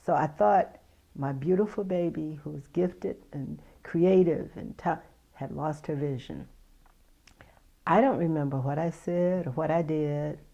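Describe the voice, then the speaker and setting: A middle-aged woman, a mother, giving halting, emotional testimony in an interview and retelling the conversations she had. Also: low voice, vocal fry, mellow, highs cut off.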